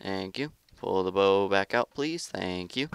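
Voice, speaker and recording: A man with a lowish, gravelly voice calls out his own match as he plays. He is excitable, taunts opponents and grumbles about lag in casual gameplay commentary. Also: unhurried, no echo. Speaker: gaming YouTuber.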